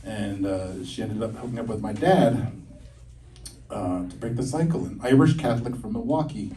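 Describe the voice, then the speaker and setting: A middle-aged man from the United States doing stand-up, telling self-mocking stories and acting out quick voices. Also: fairly low pitch, lively intonation, dark tone. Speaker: stand-up comedian. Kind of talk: live stand-up comedy. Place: stage at a campus comedy show. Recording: distant live stage recording with audience laughter. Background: audience laughing.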